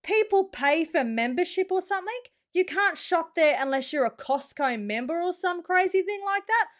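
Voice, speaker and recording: A woman's voice: very high-pitched, expressive, normal speed, a bit bright. A woman with an Australian accent hosting a reaction video, chatting casually and informally straight to her viewers.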